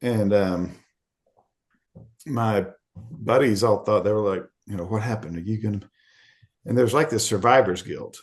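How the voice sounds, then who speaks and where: A man's voice: fairly low pitch, unhurried, long pauses. A middle-aged man from Arkansas, a podcast guest telling a candid story and acting out the quoted voices in it. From Arkansas, USA.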